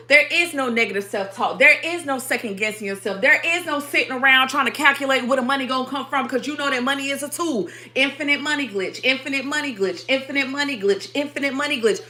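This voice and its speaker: A woman's voice: sits high, sharp tone. A woman hosting a spiritual livestream sermon, speaking in with emphatic, repetitive affirmations and profanity.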